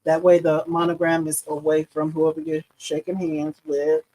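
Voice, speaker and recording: A woman's voice: deep voice, little pitch movement, normal speed, mellow, low-quality recording. Chatty woman hosting a craft livestream. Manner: chatty, addresses viewers as y'all, laughs often. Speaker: embroidery livestream host. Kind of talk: casual live demo chat.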